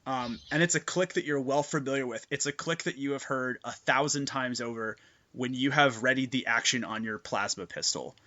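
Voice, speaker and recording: A man narrating a tabletop game as game master, excitable and gushing, with many fillers. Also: medium pitch, normal speed, lo-fi sound.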